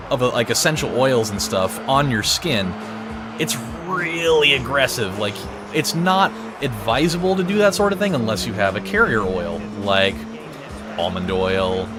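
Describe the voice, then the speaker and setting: Profane, rambling young man telling stories. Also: a little high. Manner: profane, rambling, laughs at own jokes. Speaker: gaming channel host. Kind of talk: casual storytelling over gameplay. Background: game music and car engines.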